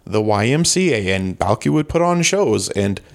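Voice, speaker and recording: A man's voice: fairly low pitch, big pitch swings, moderate pace, creaky, voice pushed down. A man doing a silly put-on foreign cousin character in a comedy podcast bit, with a wandering made-up accent. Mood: playful. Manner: broken, sing-song foreign-sounding accent that drifts. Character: goofy foreign cousin, male, cheerful and naive.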